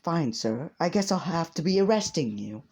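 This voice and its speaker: A man doing a high-pitched, overly polite young hero with a formal, stammering way of talking, voiced in a storytelling video. The voice is mellow in tone. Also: big pitch swings, moderate pace, slightly rough. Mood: stiffly polite.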